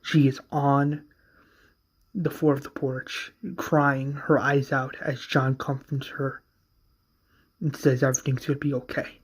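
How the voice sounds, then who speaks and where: A man casually recapping an episode of a fan series, halting and repeating words as he goes. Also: medium pitch, level tone, husky.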